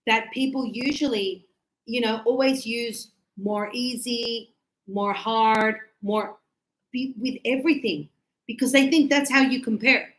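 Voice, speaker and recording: A woman's voice: a little high, a little slow, roomy sound, poor audio. Chatty woman teaching English. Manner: chatty, animated, acts out dialogues. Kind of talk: live class explanation.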